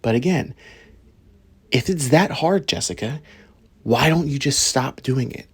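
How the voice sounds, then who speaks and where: A man's voice: mid-range voice, animated, a little slow, husky. A man hosting a reaction video, bluntly scolding the person in the clip and speaking directly to his viewers. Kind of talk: commentary on a clip.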